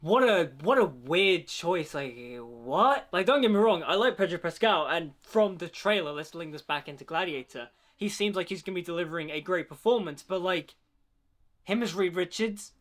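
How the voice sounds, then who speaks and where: A man's voice: high voice, lively intonation, moderate pace, fairly bright tone. A man giving a casual, chatty reaction to a film trailer, dropping "like" into nearly every sentence. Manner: chatty, leans heavily on "like".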